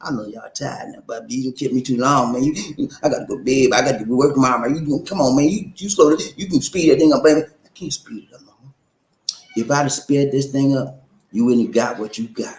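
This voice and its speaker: A man's voice: mid-range voice, fast talker, darkish tone, roomy sound, poor audio. A man hosting a casual live show, playful, chanting call-and-response lines and slipping into rhymes. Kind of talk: casual live-stream chat.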